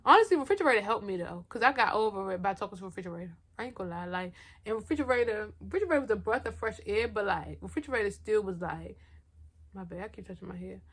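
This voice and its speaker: A young woman telling a personal story to her viewers in a casual, slangy, animated storytime style, talking straight to the camera at home. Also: mid-range voice, slightly rough. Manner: animated, talks fast, heavy slang, addresses viewers directly. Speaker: vlogger.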